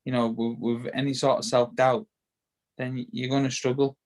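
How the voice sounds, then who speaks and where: A man's voice: mid-range voice, flat delivery, normal speed, darkish tone. A man with a Yorkshire accent in a casual interview, talking in a rambling way that repeats words and restarts often. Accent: Yorkshire English. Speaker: guest, bare-knuckle boxer.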